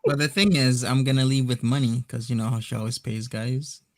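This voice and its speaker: A man's voice: mid-range voice, steady tone, a little fast. A Canadian man hosting a casual chat, joking along in a laid-back way. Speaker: host.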